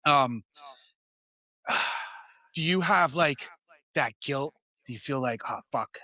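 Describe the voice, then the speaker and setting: A man hosting a podcast, asking a guest questions in a halting, searching way. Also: mid-range voice, sharp tone, no echo. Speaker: podcast host. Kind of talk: casual interview.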